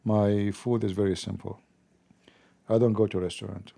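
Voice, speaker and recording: Gravelly, dark-voiced man chatting on stream. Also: lowish voice, flat delivery, normal speed. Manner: rambling, joking, talks to viewers. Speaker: live stream host. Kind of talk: casual live-stream chat.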